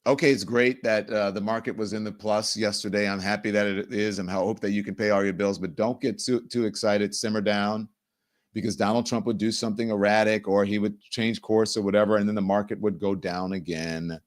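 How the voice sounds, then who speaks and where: A middle-aged man hosting a live-stream talk show, animated and sarcastic, often mimicking the people he talks about. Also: on the low side, brisk. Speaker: host.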